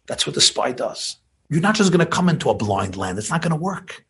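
A man giving a sermon, building to emphatic peaks and dropping to soft asides. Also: a little high, sing-song, fairly quick.

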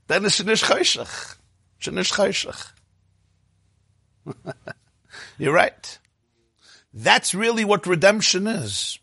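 A man teaching a sermon, telling stories in an animated way that climbs to emotional peaks. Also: sits high, drawn-out words, gravelly, long pauses, breathy edge, dry recording. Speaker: rabbi.

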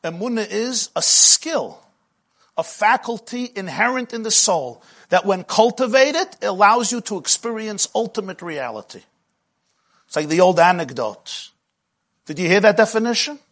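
A middle-aged man teaching a spiritual lecture with a husky, breathy voice that sits somewhat high for a man. His phrasing is rhythmic and repetitive, and he grows impassioned as he builds his points. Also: lively intonation, moderate pace, fairly bright tone. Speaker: Jewish teacher.

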